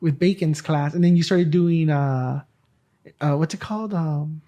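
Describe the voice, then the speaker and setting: A man's voice: a little high, unhurried, mellow. A middle-aged man hosting a casual podcast chat, rambling and often searching for words. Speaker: podcast host.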